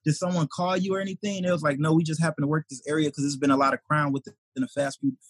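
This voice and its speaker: This man, a comedian from Detroit, USA, races through a conversational story, voicing each person in it with animated energy. His pitch sits on the high side, his voice is slightly rough, and the audio carries no room sound.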